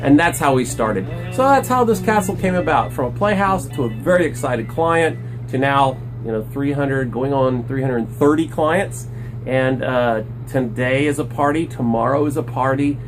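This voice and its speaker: Animated man telling a story. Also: mid-range voice, moderate pace, faint music behind, low-quality recording. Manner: animated, acts out quotes, self-deprecating jokes. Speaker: playhouse builder and rental owner. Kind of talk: casual vlog storytelling. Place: inside a small castle playhouse.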